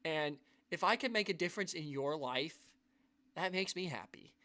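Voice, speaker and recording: Earnest, rambling man, a bit high. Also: expressive, moderate pace, sharp tone. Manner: earnest, rambling, with restarts and sighs. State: emotional. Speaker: YouTube channel host. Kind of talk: casual live stream talk to viewers.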